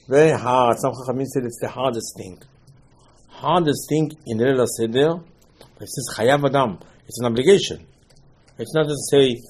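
A man's voice: medium pitch, a little hiss or hum, poor audio. A man teaching a class on the Passover Seder, telling stories, acting out dialogue and repeating his points. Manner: animated storytelling, acts out dialogue, repeats himself. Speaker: rabbi teaching.

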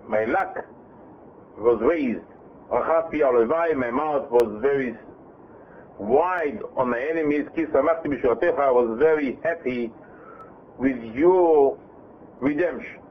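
Man teaching scripture over a tinny line. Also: mid-range voice. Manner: lively retelling with self-repeats and restarts. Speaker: Torah teacher. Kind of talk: Bible class, reading verses and translating. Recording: tinny phone-like line with faint hiss.

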